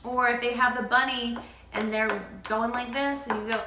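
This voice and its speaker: A woman speech-language pathologist explaining to parents how to use puzzles in play, breaking into animated sing-song animal sounds as she models them. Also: fairly high pitch, moderate pace, roomy sound, noisy background. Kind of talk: demonstrating play strategies to parents.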